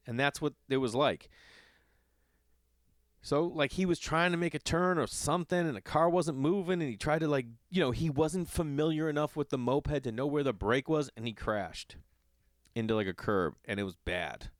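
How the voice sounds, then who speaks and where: A man's voice: mid-range voice, normal speed, no room sound, studio quality. A man telling a rambling travel story in a casual podcast monologue, swearing freely and acting out what people said. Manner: profane, animated storytelling with acted-out voices. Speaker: podcast host.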